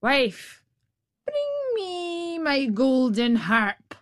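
A woman voicing a huge, greedy, suspicious male ogre in a storybook reading, calling out in slow, drawn-out bellows. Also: huge pitch swings, no echo, studio quality, heavily acted. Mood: bellowing. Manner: booming, slow drawn-out calls.

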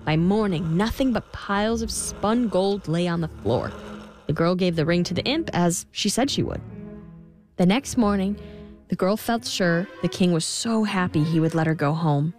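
A woman telling a fairy tale in scripted narration, expressive, giving the girl a higher voice. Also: normal speed, soft background music. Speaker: storyteller.

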